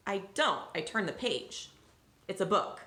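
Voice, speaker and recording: A woman voicing a patient male monkey from a storybook, answering in flat, matter-of-fact replies. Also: mid-range voice, a little slow. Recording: roomy echo.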